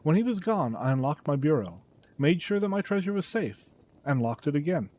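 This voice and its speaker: A man narrating a classic detective story as an audiobook, dramatic and expressive. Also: fairly high pitch, normal speed.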